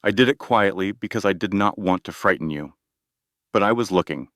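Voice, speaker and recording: Brief: menacing crime boss, slow and demanding, read by a man with a very low, dry voice. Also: fairly bright tone, dry recording. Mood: cold, demanding. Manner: cold, deliberate, demanding. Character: menacing wealthy male crime boss, hurt and furious.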